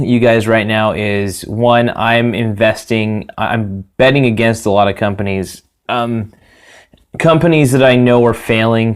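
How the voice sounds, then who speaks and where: A man's voice: fairly low pitch, smooth. A young man hosting his own finance podcast, talking casually on his own, rambling with many fillers and restarts, and swearing freely. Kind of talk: casual solo podcast talk.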